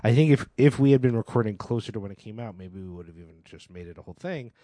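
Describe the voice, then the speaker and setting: A man co-hosting a podcast in casual chat, dry and teasing with deadpan jokes. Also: lowish voice, quick pace, no echo. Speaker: podcast co-host.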